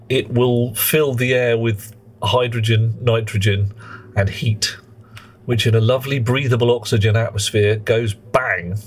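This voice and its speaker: Jokey low-voiced male game streamer. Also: breathy edge. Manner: chatty, jokey, rambling asides to chat. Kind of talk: live game stream commentary.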